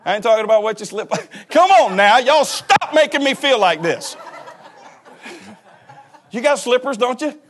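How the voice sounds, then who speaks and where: A man pastor delivers a folksy, joking sermon to his church. His voice is pitched high and swings widely up and down as he preaches. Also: sing-song, moderate pace, pauses often, a bit bright.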